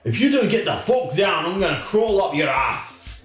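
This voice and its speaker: A man's voice: high voice, sing-song, normal speed, fairly bright tone, very echoey, soft background music, pitched above the performer's own voice. A man voicing a crude centipede creature in a tabletop game with a Scottish accent and a snarling manner. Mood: threatening.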